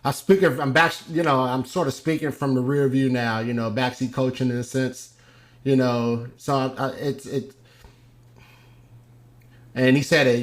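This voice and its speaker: A man's voice: mid-range voice, fairly even intonation, normal speed, pauses often. A man hosting a show, commenting casually on a video in a hesitant way, with many ums and restarts. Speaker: host.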